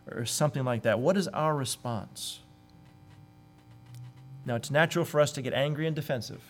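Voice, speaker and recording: Male pastor, fairly high voice, earnest sermon delivery with acted-out quotes. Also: fairly quick. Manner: earnest, acts out quoted voices with sudden lifts.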